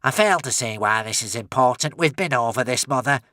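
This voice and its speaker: A man's voice: mid-range voice, lively intonation, brisk, bright, forceful tone, dry recording, pitched above the performer's own voice. A man reading an audiobook voicing a smug, impatient male villain. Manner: impatient, self-satisfied.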